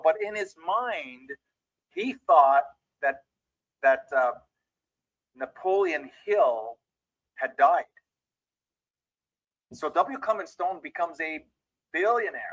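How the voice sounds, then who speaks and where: Man, mindset trainer, motivational storytelling, somewhat high voice, dry sound. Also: fairly bright tone, no echo, lo-fi sound. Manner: storytelling, speaks directly to listeners.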